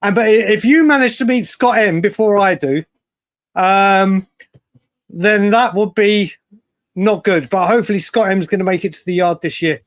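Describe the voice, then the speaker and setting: A man's voice: sits high, normal speed, no room sound. A man with an English accent co-hosting a casual football chat, emphatic and given to repeating himself. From England. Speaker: podcast co-host.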